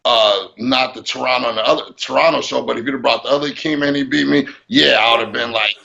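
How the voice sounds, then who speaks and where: A man talking in a casual interview as a bodybuilder guest, animated, acting out his own thoughts. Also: medium pitch, quick pace, vocal fry, muffled recording.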